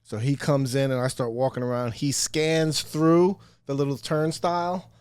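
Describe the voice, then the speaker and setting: A man casually telling a story on a podcast, animated and profane, acting out what people said. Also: mid-range voice, normal speed, clean tone, dry recording. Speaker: podcast guest.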